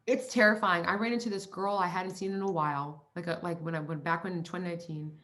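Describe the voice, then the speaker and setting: A woman's voice: lowish voice, fairly even intonation, fast talker, a bit bright. A young adult woman, a podcast guest, talking emphatically in casual conversation and acting out the people she quotes.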